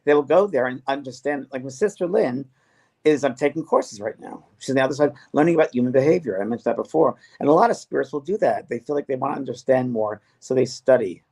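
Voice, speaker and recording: A middle-aged man speaks earnestly and with feeling in a casual chat. His pitch sits in an ordinary middle range for a man. He often slips into what spirits say to him. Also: expressive, fast, darkish tone. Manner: earnest, emotional, quotes spirits in their own words. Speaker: spiritual medium and co-host.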